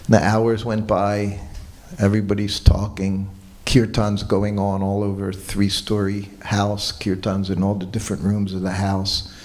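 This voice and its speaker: A man giving a morning lecture at a temple, telling a personal story in a relaxed way and quoting what people said. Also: fairly low pitch. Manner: relaxed anecdotal storytelling with quoted dialogue. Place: temple hall.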